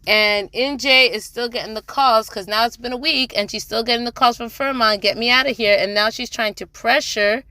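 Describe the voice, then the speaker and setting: Bright-voiced woman recapping a drama. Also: fairly high pitch, moderate pace, few pauses, no room sound. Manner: chatty, sassy asides to the characters. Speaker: TV drama reviewer. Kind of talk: casual episode recap.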